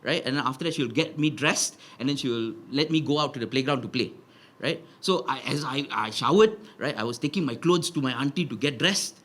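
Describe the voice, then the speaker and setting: A male stand-up comedian, telling stories in an animated, punchy way and tagging lines with "right?". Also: mid-range voice, a little fast. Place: live comedy venue with audience laughter.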